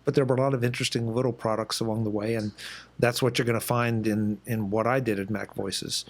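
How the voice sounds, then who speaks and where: A man's voice: lowish voice, brisk. Chatty male podcast host telling stories. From East Coast of the United States. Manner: relaxed, chatty storyteller. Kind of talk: casual interview chat.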